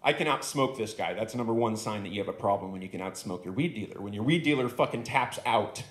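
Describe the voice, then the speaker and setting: A man's voice: on the low side, animated, quick pace. Profane man telling stand-up stories. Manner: rambling, profane, conversational. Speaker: stand-up comedian. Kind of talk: stand-up comedy storytelling. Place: comedy club stage. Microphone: handheld stage microphone. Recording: echoey club room.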